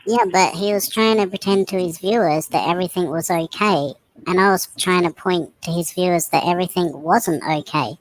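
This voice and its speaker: A woman's voice: lowish voice, normal speed, hardly any pauses, poor audio. A woman co-hosting a casual chat, direct and teasing. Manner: direct, teasing, laughs easily.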